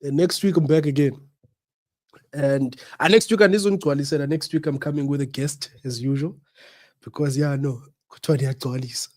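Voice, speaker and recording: A man's voice: mid-range voice, warm tone. A South African man hosting a radio show, who has the flu and coughs, speaking in an earnest, preachy way and repeating his points. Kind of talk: reflective talk-show monologue.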